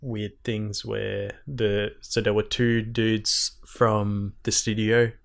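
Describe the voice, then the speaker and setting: A man's voice: on the low side, flat delivery, slow, vocal fry. Rambling male gaming podcast co-host. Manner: rambling, filler-heavy storytelling. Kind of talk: casual gaming podcast chat.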